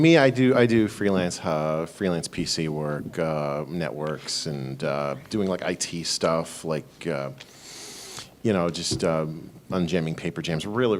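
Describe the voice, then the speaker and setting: A man on a convention panel who talks in a joking, hesitant way full of uh's. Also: sits low. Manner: jokey, hesitant with many uh's. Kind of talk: casual panel talk.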